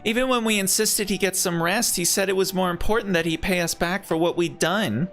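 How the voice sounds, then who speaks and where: A man's voice: high-pitched, fairly quick, fairly bright tone, faint music behind, voice pushed up. A man voicing a chatty, concerned young traveling companion, close to his own voice.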